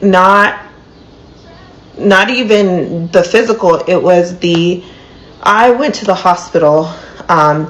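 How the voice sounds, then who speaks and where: A woman's voice: lowish voice, poor audio. Earnest woman telling a personal story. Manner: earnest, many fillers like "like" and "um". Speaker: storyteller in a played clip. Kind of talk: personal story told to camera.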